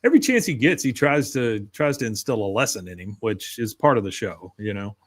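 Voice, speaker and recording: A man's voice: fairly low pitch, animated, fairly quick. A man co-hosting a podcast, casually retelling an episode scene by scene and quoting the characters. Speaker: podcast co-host.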